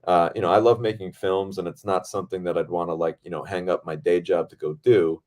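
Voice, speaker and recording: A man hosting a podcast, telling a set story in a casual, excitable way and swearing freely. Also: low-pitched, a little fast. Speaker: podcast host and film director.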